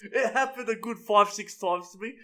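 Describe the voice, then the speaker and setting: A man's voice: sits high, normal speed. A young man chatting casually, telling a laid-back story. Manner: relaxed, laid-back storytelling, says bro a lot.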